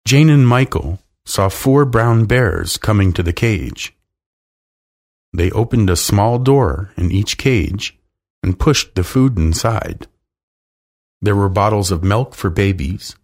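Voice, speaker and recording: A man reading a children's storybook aloud in a calm, measured way. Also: lowish voice. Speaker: narrator.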